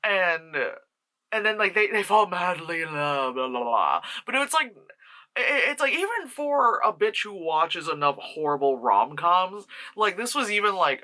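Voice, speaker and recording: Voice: mid-range voice, lively intonation, measured pace, pushed and bright. A movie reviewer who talks casually and rambles, swearing, joking sarcastically and laughing often.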